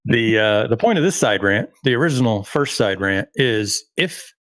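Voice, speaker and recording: A man's voice: lowish voice, lively intonation, normal speed, a bit bright, no echo, clean studio sound. A man from rural Alabama, a guest in a casual discussion who talks energetically and launches into long side rants. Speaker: podcast guest.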